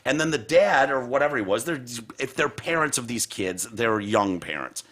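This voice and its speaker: A man's voice: medium pitch, moderate pace. A man hosting a podcast in casual chat, telling a story full of swearing and acting out the people in it. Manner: profane, animated storyteller who acts out people he quotes. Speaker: podcast host.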